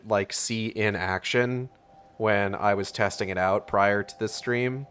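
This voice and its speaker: A man's voice: mid-range voice, fairly bright tone, smooth. Sarcastic profane male streamer. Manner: sarcastic, profane, reads game text aloud. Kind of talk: casual gameplay commentary.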